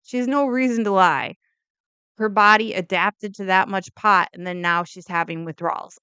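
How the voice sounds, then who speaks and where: A woman's voice: medium pitch, moderate pace, bright, forceful tone, clean tone, no room sound. A woman casually telling a true crime story as a vlogger, rambling with lots of "like" and opinionated asides and disclaimers. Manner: rambling, heavy use of "like", self-interrupting asides.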